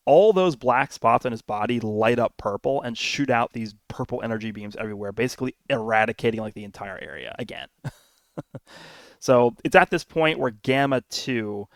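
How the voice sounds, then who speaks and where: A man's voice: mid-range voice, animated, normal speed, dry recording. A man casually recapping a film plot for his channel, rambling with lots of fillers, restarts and little chuckles. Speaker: YouTube anime commentator.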